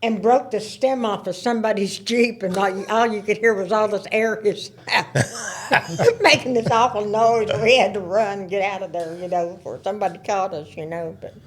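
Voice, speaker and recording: A woman in her seventies, a podcast guest, telling stories in a casual, animated way, laughing and repeating words as she talks. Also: mid-range voice, normal speed. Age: 70s. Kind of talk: casual storytelling.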